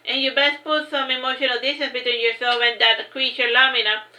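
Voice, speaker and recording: A woman voicing an ancient male sage in a storybook reading, measured and explanatory in manner. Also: sits high, level tone, bright, forceful tone. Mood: grave. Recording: roomy echo.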